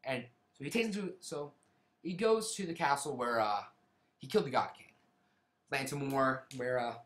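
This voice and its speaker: A man's voice: mid-range voice, moderate pace, a bit bright, roomy sound. A man casually retelling a book's plot in a rambling way, often restarting and hedging. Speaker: book reviewer. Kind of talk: casual spoken plot summary.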